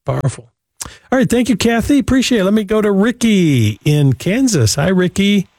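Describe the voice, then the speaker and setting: A man's voice: high-pitched, big pitch swings, moderate pace, a little mellow, no room sound, studio quality. A man hosting a Christian call-in radio show, speaking in an earnest, preacherly way. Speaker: host.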